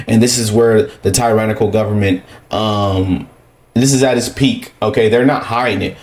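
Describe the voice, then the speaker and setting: A man's voice: on the low side, steady tone, normal speed, a little mellow. A man giving casual reaction commentary, emphatic and rhetorical, often tagging his points with a questioning "okay?".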